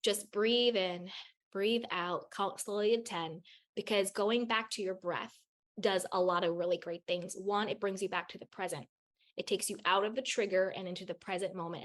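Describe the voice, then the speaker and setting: A woman talks as a podcast guest, sharing spiritual advice with raw candor. She swears freely and repeats phrases to drive her points home. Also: medium pitch. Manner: emphatic, repeats phrases for stress. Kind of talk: candid spiritual advice in conversation.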